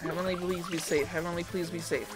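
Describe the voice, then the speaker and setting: Speaking fast in a flat, fairly low voice, a female gaming streamer chats her way through an online game. She reacts aloud to the match as it unfolds, with game music audible behind her.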